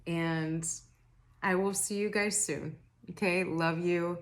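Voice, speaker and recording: A young woman doing a casual spiritual reading to camera, rambling and self-interrupting, her throat raspy and tired. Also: lowish voice, fairly even intonation, slow. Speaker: tarot reader.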